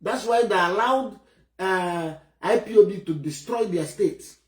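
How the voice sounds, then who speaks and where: Nigerian man, high-voiced, sharp and indignant commentator, echoey room. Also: a little slow. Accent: Nigerian English. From Nigeria (Enugu State). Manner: indignant, emphatic, blunt. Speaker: political commentator. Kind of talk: heated political commentary. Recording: roomy echo.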